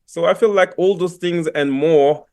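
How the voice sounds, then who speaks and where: A young French-accented man speaking on a video call, his voice sitting a touch high for a man. He gropes for words with plenty of fillers and restarts. The sound is fairly close and plain. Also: normal speed, a little mellow. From France. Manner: thoughtful, many fillers and restarts. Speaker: actor guest. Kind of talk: radio interview over video call.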